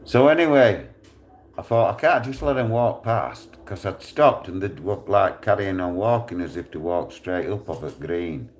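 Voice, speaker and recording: A man's voice: deep voice, moderate pace. Blunt, foul-mouthed man. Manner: blunt, heavy swearing, animated retelling. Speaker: live streamer. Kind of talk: profane storytelling on a live stream.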